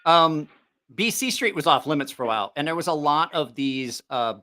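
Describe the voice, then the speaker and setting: A man's voice: on the high side, expressive, moderate pace, sharp tone, slight background noise. A middle-aged man hosting a live stream, telling a rambling, profane story with lots of laughter. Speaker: livestream host.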